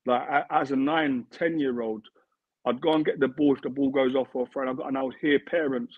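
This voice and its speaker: Husky ex-footballer on a tinny remote line. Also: male voice, mid-range voice, fairly even intonation, moderate pace, no room sound. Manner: earnest, repeats himself while building a point. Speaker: former football player as guest. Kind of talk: casual interview chat.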